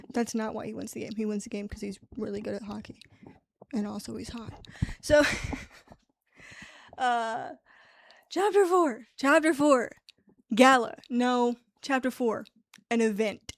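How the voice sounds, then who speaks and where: Young woman gushing over a romance book, kinda high voice, rambly, swears a lot, dry close sound. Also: no room sound. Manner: rambling, profane, animated. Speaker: book reviewer. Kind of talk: casual chat.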